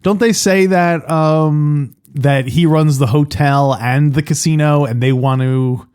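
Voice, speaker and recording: Casual halting male podcast co-host. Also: fairly high pitch, steady tone, darkish tone, clean tone. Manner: thinks aloud with halting fillers. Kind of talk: casual chat.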